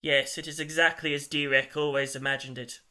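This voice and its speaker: A man narrating an audiobook in a steady storytelling voice. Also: fairly high pitch, a little fast, clear, resonant tone. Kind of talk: scripted narration.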